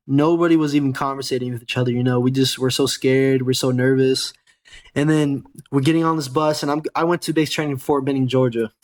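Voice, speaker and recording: Young American male host, casual profane storyteller, slightly higher voice. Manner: rambling, profane, self-correcting. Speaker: gaming channel host and soldier.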